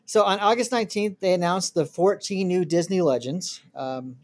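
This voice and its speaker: A man's voice: high-pitched, moderate pace. A man co-hosting a casual podcast chat, hesitant and prone to restarting his sentences. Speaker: podcast co-host.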